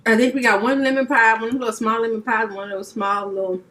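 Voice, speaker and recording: Bright, chatty woman eating on camera. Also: fairly high pitch, little pitch movement, fast, distant mic, low-quality recording. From Louisiana. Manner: chatty, laughs easily. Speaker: mukbang co-host. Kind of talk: casual chat while eating. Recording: voice from a bit away, light hiss.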